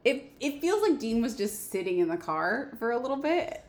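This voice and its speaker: Expressive young woman retelling a scene. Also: fairly high pitch, moderate pace. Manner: expressive storytelling, acting out both characters. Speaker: podcast co-host. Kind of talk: casual chat recapping a TV episode.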